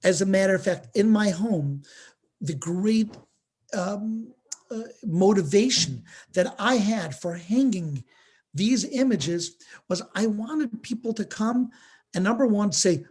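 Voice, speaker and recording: A man's voice: sits high, takes it slowly, husky. A man, a rabbi, telling stories in a live-streamed art lesson, acting out quoted dialogue over a video-call mic. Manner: lively storyteller, acts out quoted dialogue.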